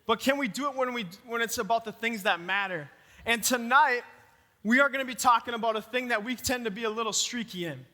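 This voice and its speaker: A man with a Minnesota accent preaching a lively youth sermon and talking straight to the room. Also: extremely high pitch, brisk. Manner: energetic, talks to the room directly. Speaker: youth pastor. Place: church youth hall. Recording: long hall reverb.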